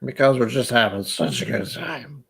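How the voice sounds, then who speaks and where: A man's voice: medium pitch, normal speed, vocal fry, a bit bright, slightly rough. A man from the United States hosting a casual whiskey livestream, chatty, rambling and self-deprecating as he reads chat aloud. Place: indoors at home.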